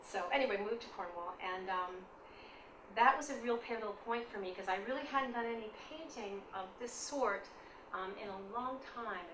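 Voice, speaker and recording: Chatty woman in an echoey room. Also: fairly high pitch. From New York. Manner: chatty, rambling storytelling with laughs and asides. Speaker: artist giving a talk. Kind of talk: informal artist's talk. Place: lecture room. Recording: distant, echoey, noisy room audio.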